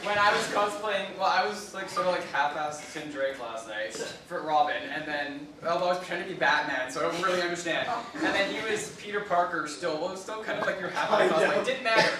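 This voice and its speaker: A convention panelist telling rambling, giggly anecdotes to a fan audience. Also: male voice, high-pitched, quick pace, hardly any pauses, a crowd in the background. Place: convention hall. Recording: echoey hall recorded from far off.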